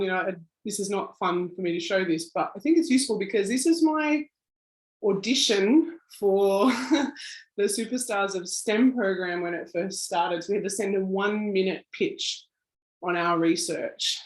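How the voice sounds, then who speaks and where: A woman's voice: mid-range voice, normal speed. An Australian woman giving an informal workshop talk, chatty, with lots of fillers and a self-deprecating laugh, heard over a video call. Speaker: workshop presenter. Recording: roomy echo.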